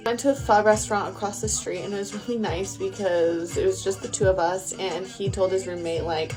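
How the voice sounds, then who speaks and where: Woman, casual storyteller, chatty and loose with fillers and swearing, mid-pitched voice, music under the take. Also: fairly even intonation, a little fast, hardly any pauses. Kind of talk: casual get-ready-with-me storytime. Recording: music playing behind the voice.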